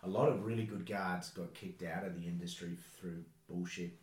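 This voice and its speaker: A man's voice: deep voice, steady tone, normal speed, darkish tone, roomy sound. A man hosting a casual podcast, talking in an opinionated, reflective way. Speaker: podcast host.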